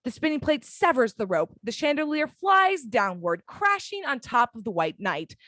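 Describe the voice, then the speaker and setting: A woman reading a screenplay's action descriptions as narrator of a fan audio drama, in a dramatic, measured way. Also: fairly high pitch, big pitch swings, fairly bright tone, no room sound.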